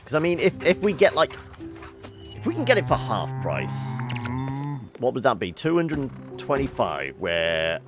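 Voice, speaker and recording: A man's voice: mid-range voice, very animated, measured pace, over music. A man hosting a casual let's-play, thinking aloud about game puzzles as he plays. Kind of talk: casual gameplay commentary.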